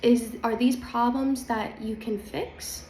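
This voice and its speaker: A woman's voice: a little high, steady tone, takes it slowly, darkish tone, slight background noise. A woman talking casually and confidingly to her viewers about spiritual growth, with an emphatic, chatty manner. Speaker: spiritual vlogger. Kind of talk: casual spiritual talk to camera. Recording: echoey room with faint ambience.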